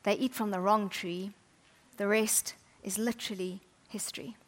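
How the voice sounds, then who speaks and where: A woman preaching a sermon, chatty and humorous, often dropping to soft, intimate tones. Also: mid-range voice, fairly even intonation, moderate pace.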